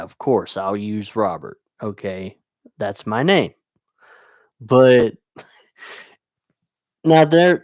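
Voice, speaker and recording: Slow, rambling man chatting on a livestream. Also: lowish voice, no room sound. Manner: rambling, laughs often, restarts sentences; mumbling. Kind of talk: casual livestream chat.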